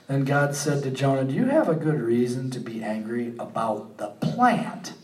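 A man preaching a sermon, animated, rising to emphatic peaks and then dropping low and quiet. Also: normal speed, roomy sound, far from the mic, low-quality recording. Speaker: pastor.

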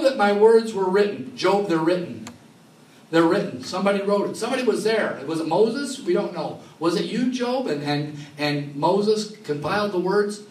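Animated man preaching in a roomy church. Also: a little high, a little hiss or hum. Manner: animated, laughing often, acts out quoted voices. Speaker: pastor. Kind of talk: sermon. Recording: roomy sound from far off, faint ambience.

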